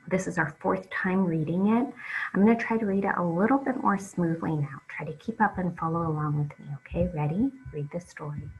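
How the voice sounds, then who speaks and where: A woman teaching an early reading lesson, reading aloud slowly and patiently for young children to follow along. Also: deep voice, a little mellow, dull audio, a little hiss or hum.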